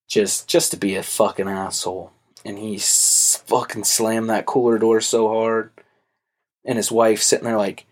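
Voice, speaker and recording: A man's voice: lowish voice, fairly even intonation, moderate pace, darkish tone. A young adult man hosting a podcast, casually telling a heated story with lots of swearing and filler words. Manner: loose, profane storytelling with frequent fillers. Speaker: podcast host. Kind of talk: casual chat.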